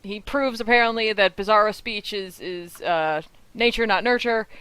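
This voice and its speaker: A woman's voice: medium pitch, moderate pace, fairly bright tone, clear, resonant tone, no room sound, rough recording. A woman hosting a comics podcast, upbeat as she moves the talk along, though she says she is tired. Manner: upbeat, steering the conversation, tired. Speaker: podcast host. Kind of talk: casual chat.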